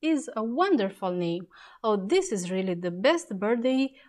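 A woman voicing an excited, eager young boy in a storybook reading, exclaiming breathlessly. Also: medium pitch, unhurried. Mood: delighted.

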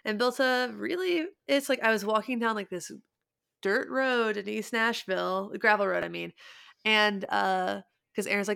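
Brief: young woman, podcast co-host, chatty and rambling, gravelly edge, dry close sound. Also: mid-range voice, normal speed, fairly bright tone, no room sound. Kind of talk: casual chat.

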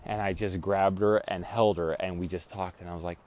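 A man's voice: deep voice, fairly even intonation, normal speed, a little mellow. A man hosting a podcast, telling a personal story in an earnest, casual way with many restarts. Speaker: podcast host. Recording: dull lo-fi recording.

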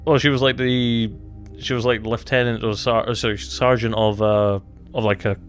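A man's voice: mid-range voice, level tone, moderate pace, soft background music. A man co-hosting a casual podcast chat about a TV series, rambling and self-deprecating, often restarting his sentences. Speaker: podcast co-host.

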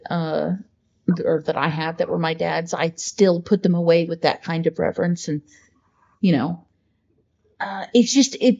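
A woman's voice: fairly low pitch, mellow, lo-fi sound. A woman co-hosting a podcast in casual chat, talking in an earnest, heartfelt way with many fillers. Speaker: podcast co-host.

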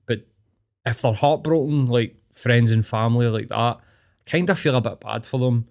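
A young man with a Scottish accent talks in a blunt, opinionated way, swearing as he goes. His voice sits at an ordinary middle pitch, and the tone is relaxed, casual chat. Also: normal speed.

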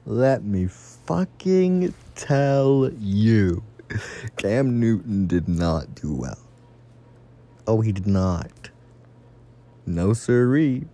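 A young man talks fantasy football picks on his own, cursing freely and rambling as he gets worked up. His voice sits a bit low and sounds mellow and dark. He jumps between excited bursts and offhand asides. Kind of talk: casual solo commentary.

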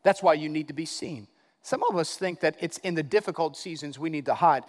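A male pastor preaching a sermon, emphatic, repeating key phrases and swinging between loud and hushed. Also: fairly high pitch, expressive, a little fast, big-room sound.

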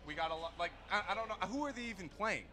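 Upbeat, loud-laughing co-host man. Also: high voice, lively intonation, racing. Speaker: podcast co-host. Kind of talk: casual bar banter. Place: bar.

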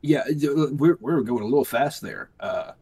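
A man with a husky, slightly rough voice talks through a film scene in casual chat. He rambles with fillers and restarts, mixing in wry comments, at a middling pitch. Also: lively intonation, moderate pace, mellow.

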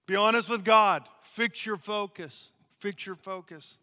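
An American man preaching a sermon as a missionary, in an animated, conversational way. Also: high-pitched, unhurried, in a large hall. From United States.

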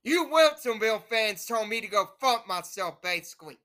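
A woman's voice: fairly high pitch, expressive, normal speed, fairly bright tone. A young woman, hosting her own show, delivering a bitter, profane and repetitive rant to her viewers. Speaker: host of a home-made show.

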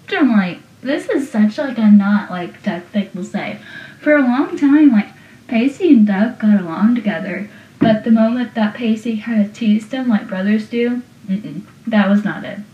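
A woman's voice: a little high, animated, normal speed, far from the mic. A young woman chats her way through a TV episode recap, wandering off into side stories. Her voice comes from some way off the mic. The sound is dull and roomy. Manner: chatty, rambling asides. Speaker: show recapper.

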